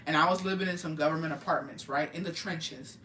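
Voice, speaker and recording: A young adult tells animated stories in casual podcast chat, swearing freely and mixing in slang and Spanish words. The voice is bright and sharp. It sounds roomy and set back from the mic, with faint ambience behind. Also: mid-range voice, fast talker, far from the mic, a little hiss or hum. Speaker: podcast co-host.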